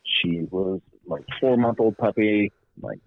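A man's voice: fairly low pitch, measured pace. A man calling into a podcast as a guest, laid-back and casually swearing, heard over a phone line. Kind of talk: casual chat. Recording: tinny phone-line call.

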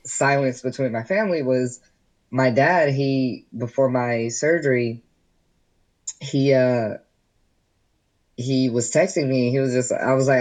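A man's voice: mid-range voice, measured pace, long pauses, a little mellow, low-quality recording. A man guesting on a podcast, telling a personal story candidly in casual interview chat, with lots of "like" fillers. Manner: candid storytelling, heavy use of "like".

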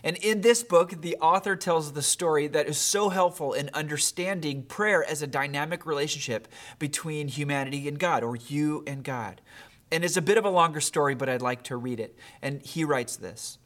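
A man's voice: a little high, moderate pace, a bit bright. A man preaching a sermon as a pastor, reading a story aloud in an earnest way, with many fillers and restarts.

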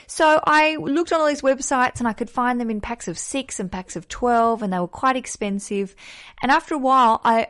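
An Australian woman hosting a podcast, talking in an upbeat, playful and self-deprecating way. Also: a little high. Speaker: podcast host. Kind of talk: chatty podcast monologue.

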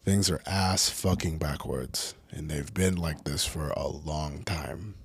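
A man from California delivering a profane, heated rant that keeps building toward shouting. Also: a bass voice, takes it slowly, breathy edge, dry recording. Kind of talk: angry unscripted rant.

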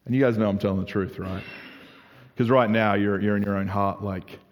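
A young adult man preaching a sermon in a casual, animated way, full of "like" fillers. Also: fairly low pitch, a little fast, a little hiss or hum. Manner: conversational, animated, frequent "like" fillers. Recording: reverberant hall.

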